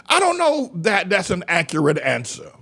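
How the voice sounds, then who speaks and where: A man's voice: high voice, wildly swooping pitch, normal speed, bright, forceful tone. A man pastor giving an impassioned sermon-style talk, stretching out emphatic rhetorical questions and repeating phrases for stress.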